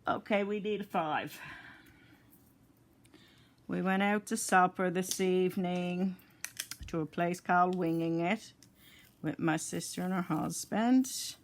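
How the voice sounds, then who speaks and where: Slow, low-voiced older woman. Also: fairly even intonation. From Newfoundland, Canada. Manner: chatty, rambling, homey. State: tired, yawning. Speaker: crafting vlogger. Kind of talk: casual chat while crafting.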